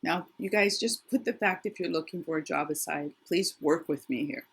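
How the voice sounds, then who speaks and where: A middle-aged woman talks through a tarot reading in a casual, thinking-aloud way, often restarting her sentences. Her voice is husky and a little worn. It sits fairly low for a woman. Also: normal speed. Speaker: tarot reader.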